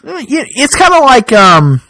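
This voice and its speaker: A man co-hosting a podcast in casual chat, with a dry, deadpan, grumbling manner. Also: extremely high pitch, moderate pace, dry recording. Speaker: podcast co-host.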